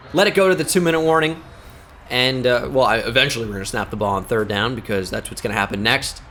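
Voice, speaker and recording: A man giving live play-by-play commentary on his own video game, muttering to himself and shouting on big plays. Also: mid-range voice, slight background noise. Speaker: gaming YouTuber.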